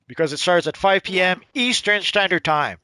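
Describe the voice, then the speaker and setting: A man's voice: high-pitched, moderate pace, pushed and bright, smooth, dry recording, studio quality. A man hosting a casual gaming livestream over a voice call, talking hesitantly with restarts and a playful tone. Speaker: channel host.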